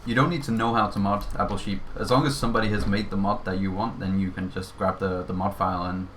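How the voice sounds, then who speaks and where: Low-voiced man explaining game mods. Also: steady tone, fast, fairly bright tone, slight background noise. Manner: laughs often, careful, explanatory. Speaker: game developer co-host. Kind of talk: casual chat over gameplay.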